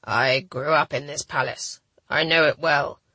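A woman voicing a wounded, fading young nobleman who speaks weakly and slowly. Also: steady tone, bright, forceful tone, no room sound, full character voice. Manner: weak, slow, low and breathy.

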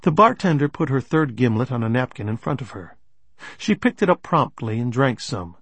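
A man's voice: mid-range voice, very animated, moderate pace, fairly bright tone, husky, dry recording. A man narrating a first-person crime novel in a dry, understated way. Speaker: audiobook narrator.

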